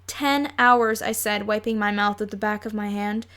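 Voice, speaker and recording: A woman giving a lively storybook reading, narrating a children's novel aloud. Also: medium pitch, a little fast. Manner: lively, plays every character. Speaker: audiobook reader.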